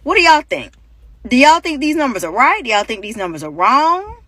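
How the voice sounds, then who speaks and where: A woman from North Carolina gives emphatic, persuasive commentary straight to her viewers. Her voice is bright and somewhat high. It is recorded close and dry. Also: sing-song, brisk, no echo. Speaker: content creator talking about income. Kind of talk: opinionated commentary to camera.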